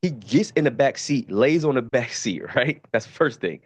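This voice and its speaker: Profane, animated man telling stories. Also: medium pitch, normal speed, slightly rough, no room sound. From Baltimore, USA. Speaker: podcast co-host. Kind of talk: casual storytelling.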